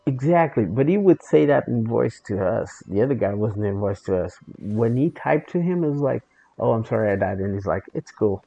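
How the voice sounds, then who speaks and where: Gravelly, blunt, swearing man telling a gaming story. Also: mid-range voice, expressive, moderate pace, few pauses, mellow. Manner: blunt, sarcastic, swears freely, restarts often. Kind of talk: casual profane storytelling. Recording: dull lo-fi with faint music.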